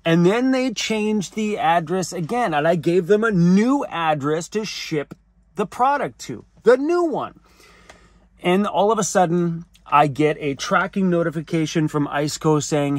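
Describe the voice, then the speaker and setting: Annoyed guy from canada venting into the camera in his van, higher voice, dry close sound. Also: moderate pace, no echo. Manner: animated, acts out both sides of phone calls. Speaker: van life vlogger. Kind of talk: casual ranting vlog. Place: inside a camper van.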